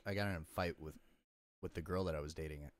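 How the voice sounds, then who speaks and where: A man's voice: extremely low pitch, fairly even intonation, quick pace, dry recording. A young man in casual podcast conversation, telling his story bluntly with lots of profanity and fillers. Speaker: podcast guest.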